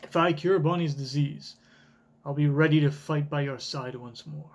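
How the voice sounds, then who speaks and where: A man voicing a gentle, kind giant of a man in a soft, earnest tone while reading a comic aloud. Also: fairly high pitch, steady tone, normal speed, close to an everyday voice.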